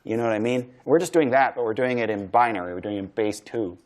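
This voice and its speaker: A man's voice: fairly low pitch, fast, a little mellow. A man giving a university programming lecture, thinking aloud as he codes, casual and chatty with frequent fillers and restarts. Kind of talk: live-coding lecture.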